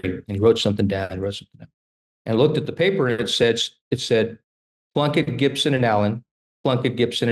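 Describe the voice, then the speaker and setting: A trial lawyer in his fifties tells animated stories during a casual interview, acting out the dialogue as he goes. His voice has a fairly low pitch.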